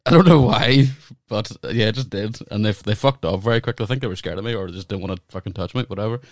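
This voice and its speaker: A man with a fairly low voice spins a rambling, profane story on a podcast. His sound is dry and close, coming through a video call with no room around it. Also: fast talker, no room sound. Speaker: comedian and podcast co-host. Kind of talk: casual podcast chat.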